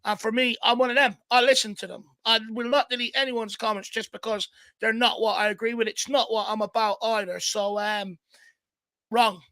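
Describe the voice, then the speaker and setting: Bright, high-voiced male stream host. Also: little pitch movement, fairly quick, dry recording. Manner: upbeat, chatty, fan slang. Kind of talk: live fan stream chat. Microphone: computer mic on a live stream.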